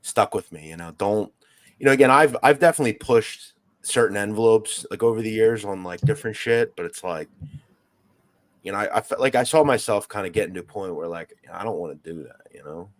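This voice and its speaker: A man's voice: lowish voice, a little fast. A man talking in a casual chat, reflective and conversational.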